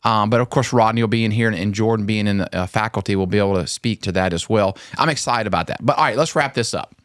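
A man hosting a podcast, chatting casually and acting out quoted lines with lively jumps in his voice. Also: quick pace, dry recording, studio quality. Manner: animated storyteller, acts out quotes with pitch jumps. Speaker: podcast host.

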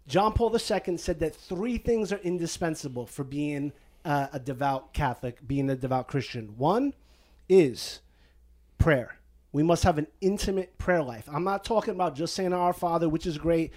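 A man, a Catholic priest hosting a podcast, giving animated, playful advice and slipping into a put-on Italian-American lilt. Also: on the high side, normal speed. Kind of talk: casual podcast advice chat. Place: basement living room at home.

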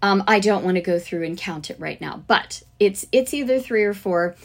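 A woman's voice: mid-range voice, expressive, normal speed, hardly any pauses. A woman hosting a podcast for music teachers, talking casually and enthusiastically about lesson ideas, with plenty of fillers and restarts. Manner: chatty, enthusiastic, chants rhythms and sings snippets.

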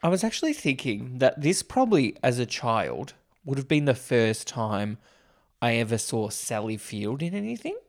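A man co-hosting a casual film podcast, joking and teasing in quick banter. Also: medium pitch, sing-song. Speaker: podcast co-host. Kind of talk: casual film-review chat.

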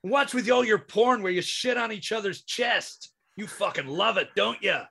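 A man putting on the voice of a crude American stand-up comic, shouting insults at the crowd in an American accent. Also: sits high, moderate pace, gravelly, breathy edge, pitched above the performer's own voice, full character voice. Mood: abusive. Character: brash, abusive American male stand-up comic.

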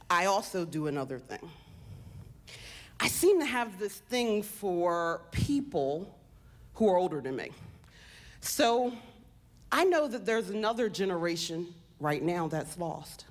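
A woman speaks on stage in an earnest storytelling manner, slowing down to drive her points home. Her pitch sits in an ordinary middle range. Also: expressive. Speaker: contestant giving a speech. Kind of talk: personal speech on stage.

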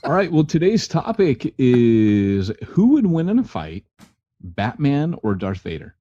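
Husky, joking male podcast co-host. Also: medium pitch, wildly swooping pitch, unhurried, warm tone. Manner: teasing, joking. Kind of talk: casual chat. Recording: slightly muffled lo-fi audio.

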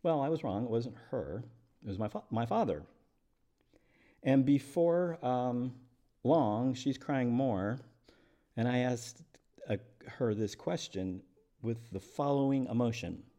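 Man, middle-aged, podcast host, unscripted monologue, halting restarts, animated pitch. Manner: reflective, halting, with restarts and wry laughs.

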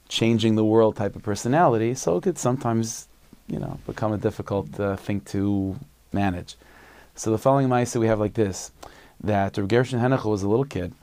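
A man, a rabbi, telling a story in a relaxed, conversational sermon with frequent fillers. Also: lowish voice, no echo.

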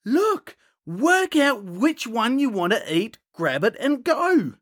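A man's voice: very high voice, sing-song, slow, a bit bright, no room sound, clean studio sound, voice pushed up, exaggerated voice. A man putting on the voice of an impatient, bossy sister in a children's story.

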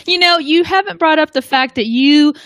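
A woman's voice: sits high, normal speed, fairly bright tone, dry recording. A woman talking as a guest host on a live show, chatty and playful. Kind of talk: casual live show chat.

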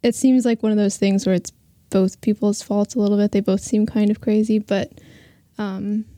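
Female co-host, warm mellow tone, dry close sound, gossipy casual delivery. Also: medium pitch, little pitch movement, moderate pace, no echo. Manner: chatty, gossipy, opinionated. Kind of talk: casual chat.

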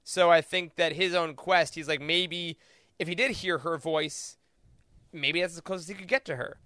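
A man's voice: fairly high pitch, normal speed, bright, forceful tone, dry recording. A man co-hosting a podcast, talking through his interpretation of a story at length in a casual, thoughtful way with many fillers. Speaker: podcast co-host. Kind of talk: casual discussion.

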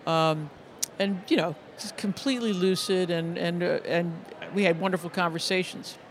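A middle-aged music educator tells stories in a conversational interview, speaking earnestly with frequent restarts and repeated words. His voice is high with fairly even intonation at a normal speed, and a little hiss or hum can be heard.

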